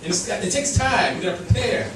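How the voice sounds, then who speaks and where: A male stand-up comedian telling a story on stage, animated and acting out voices while laughing through his lines. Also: sits high, brisk, background noise. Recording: echoey club sound from far off with crowd. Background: laughing audience.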